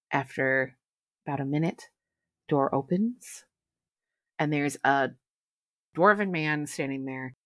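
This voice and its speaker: A woman narrating as game master in a tabletop role-play, unhurried and halting, with giggly asides. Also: low-pitched, no room sound, studio quality.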